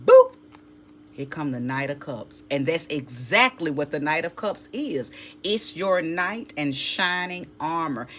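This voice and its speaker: A woman's voice: fairly low pitch, a bit bright, slight background noise. A woman giving a casual tarot reading, talking straight to her viewers in a chatty, familiar way and calling them baby. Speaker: tarot reader.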